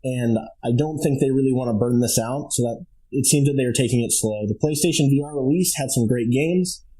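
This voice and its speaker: Man, podcast guest, mellow dark tone, husky, easygoing casual talk. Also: mid-range voice, brisk, rough recording.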